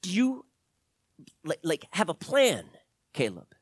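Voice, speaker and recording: A man's voice: high-pitched, wildly swooping pitch, takes it slowly, breathy edge, no echo, clean studio sound, pitched above the performer's own voice, exaggerated voice. A man voicing an anxious, doubting young man who keeps pressing for a plan. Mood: questioning.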